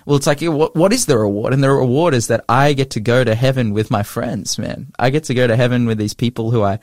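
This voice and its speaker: A young man speaks with earnest emotion about his life and faith, often restarting his sentences and scattering "like" through them. He has a pastor's warmth of conviction. His voice sits in a middle pitch and sounds close and dry, with no room around it. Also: fast talker, dry recording. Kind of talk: heartfelt personal testimony in casual chat.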